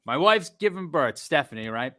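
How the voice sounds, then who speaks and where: A middle-aged man co-hosting a casual chat show, an animated storyteller who swears freely. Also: fairly high pitch, normal speed. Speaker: podcast co-host.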